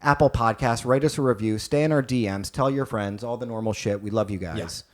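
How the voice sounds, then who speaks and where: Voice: medium pitch, a little mellow. A comedy podcast co-host riffing crudely in casual banter, laughing often. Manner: crude, quick-witted riffing with frequent laughs.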